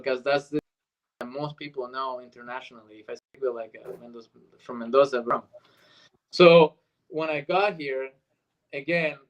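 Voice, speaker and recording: A man's voice: fairly high pitch, low-quality recording. A middle-aged man from Argentina with an Argentine Spanish accent, chatting as a voice actor guest in an interview. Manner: animated, switches into Spanish accents to demonstrate. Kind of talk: casual interview chat.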